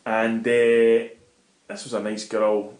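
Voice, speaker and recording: Low-voiced Scottish man telling stories. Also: slow. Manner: animated, anecdotal, swears freely. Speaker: interview guest. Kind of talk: casual storytelling. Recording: roomy echo.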